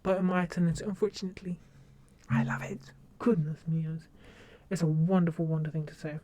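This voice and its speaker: Young woman, casual stream chat, mellow tone, rambling with restarts. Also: low-pitched, little pitch movement, brisk. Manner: rambling, self-interrupting with many restarts.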